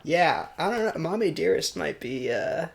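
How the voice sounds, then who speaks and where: A man's voice: fairly high pitch, lively intonation, moderate pace, gravelly, slight background noise. A man co-hosting a podcast in casual chat, laughing often and tossing in joking asides. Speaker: podcast co-host.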